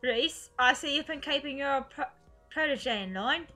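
A woman voicing a smooth, flattering older male boss from a game, in a put-on British accent. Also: high voice, measured pace, soft background music. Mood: suave. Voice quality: flattering, theatrical delivery. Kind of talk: reading game dialogue aloud.

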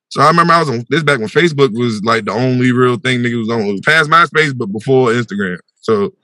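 Bright-voiced man telling a wild story. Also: fast, no room sound. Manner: animated, acts out his own past voice with big jumps in pitch; slangy, repeats "bro" and "yo". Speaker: podcast guest telling a story. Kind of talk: animated storytelling.

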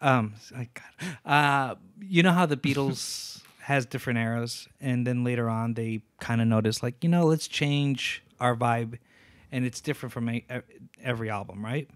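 A man's voice: mid-range voice, moderate pace, no room sound. A man co-hosting a podcast, chatting casually and eagerly explaining music to his friend. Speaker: podcast co-host. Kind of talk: casual chat.

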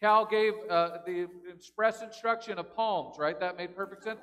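A man's voice: high voice, fairly even intonation, normal speed, fairly bright tone. A man leading a playful children's talk in church, joking and chanting call-and-response lines. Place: large church sanctuary. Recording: long reverb of a big church.

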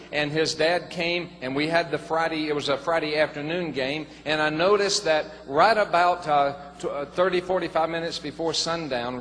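An older man, telling his conversion story to a congregation in a folksy, earnest way, often rising to excited emphasis. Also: on the high side. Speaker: former pastor giving a testimony. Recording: long hall reverb, faint noise.

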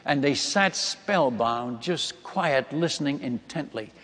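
Preacher in a reverberant hall. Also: male voice, mid-range voice, animated, slow pace, a bit bright, husky. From Netherlands. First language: Dutch. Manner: emphatic, dramatic retelling that addresses the audience as friends and folks. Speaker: missionary preacher. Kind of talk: sermon testimony storytelling.

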